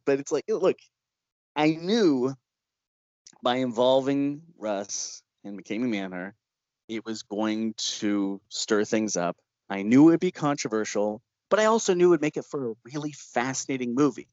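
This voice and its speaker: A man of ordinary pitch tells stories in an interview. He laughs often and jumps into playful voices for the people he quotes. The sound is dry and slightly muffled. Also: animated, normal speed, a little mellow, dry recording. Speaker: horror filmmaker. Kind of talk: animated interview storytelling.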